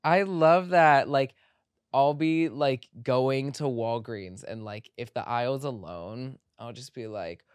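A low-middle voiced podcast host chatting in a studio. The talk rambles playfully, packed with "like" fillers. The sound is dry and close. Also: takes it slowly, a little mellow, clean tone, no room sound. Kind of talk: casual chat.

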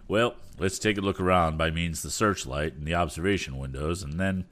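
Man doing a sober old inventor, deep voice, measured and even-tempered. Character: calm elderly inventor father.

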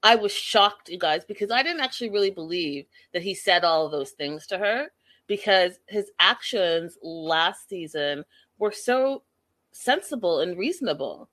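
A woman's voice: lowish voice, animated, unhurried, fairly bright tone. A woman casually recapping a reality show episode, chatty and opinionated, peppered with "like" and "you know".

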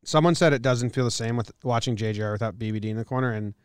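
A man's voice: mid-range voice, very fast, smooth, dry recording, clean studio sound. Rambling, laughing man on a podcast. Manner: laid-back, rambling, laughs often. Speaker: podcast host. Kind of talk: casual chat. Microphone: studio mic.

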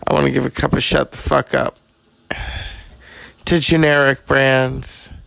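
A man hosting a podcast who rants crudely and sardonically in a comic monologue. His voice is heavily gravelly with constant fry, and his pace is slow and dragging. The recording is dry and close. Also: mid-range voice, flat delivery, fairly bright tone, no echo. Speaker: podcast host.

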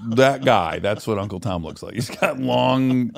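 A man's voice: medium pitch, measured pace, creaky. A man hosting a podcast in casual chat, blunt and swearing freely. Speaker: podcast host.

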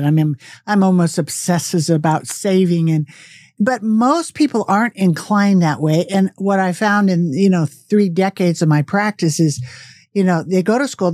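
A woman's voice: medium pitch, a little mellow, no room sound, clean studio sound. A middle-aged woman hosting a podcast, reading an upbeat, hype-building introduction and then chatting with her guest. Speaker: podcast host. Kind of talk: scripted show intro, then casual interview chat.

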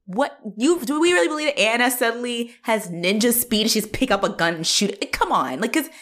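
A podcast co-host with a fairly high, expressive, bright voice chats fairly quickly about a movie. She laughs often and swears freely while retelling scenes.

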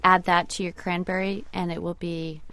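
A woman chef answers callers' cooking questions on a radio show. She speaks thoughtfully and hesitantly, with frequent pauses. The studio sound is dry and close. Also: lowish voice, level tone, fairly bright tone, no room sound. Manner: thoughtful, hesitant, many fillers and restarts. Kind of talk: radio interview chat.

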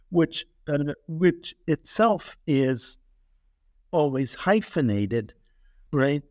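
A man's voice: medium pitch, a little mellow, no echo, studio quality. A man, an author being interviewed, answering in a hesitant scholarly way with many restarts and fillers.

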